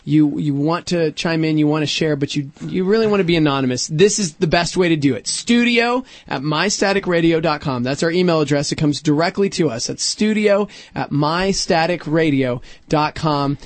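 A man's voice: on the high side, normal speed, hardly any pauses, no room sound. A middle-aged man hosting a casual morning radio show, upbeat, laughing often and giving out contact details.

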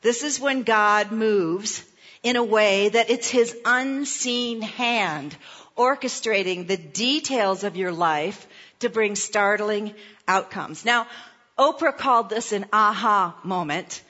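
Animated woman preaching, bright voice. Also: medium pitch, slow pace, lo-fi sound. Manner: animated, playful storyteller with asides. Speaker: pastor. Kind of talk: sermon with personal storytelling.

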